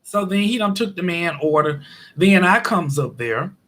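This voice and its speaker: A man telling a story in a chatty, animated way as a vlog host. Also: high voice, moderate pace. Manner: animated, chatty, acts out quotes. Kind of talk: casual storytelling monologue.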